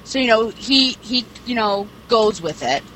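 A woman's voice: a little high, animated, a little slow, fairly bright tone. Rambling young woman, noisy recording. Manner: rambling, heavy fillers, swears casually. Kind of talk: casual chat, retelling a series plot. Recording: clear background noise.

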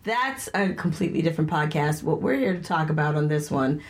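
Podcast co-host, woman, Boston accent, low-pitched, upbeat and chatty. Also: animated, a little fast. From Boston area, USA. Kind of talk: casual chat.

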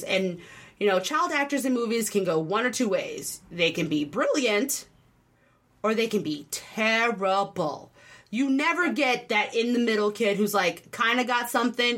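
A chatty woman talking through her thoughts in casual conversation, filling her sentences with little asides and hedging words. Her voice sits at an ordinary middle pitch, and she speaks loosely and animatedly, as if to a friend. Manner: rambling, filler-heavy, animated, acts out quotes. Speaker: podcast co-host reviewing a film. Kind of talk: casual chat.

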